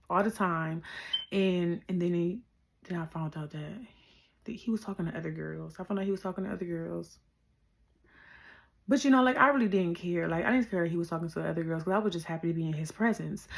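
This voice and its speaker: A young woman telling a casual storytime to her viewers, chatty and slangy, repeating herself and breaking into animated asides. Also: lowish voice, vocal fry.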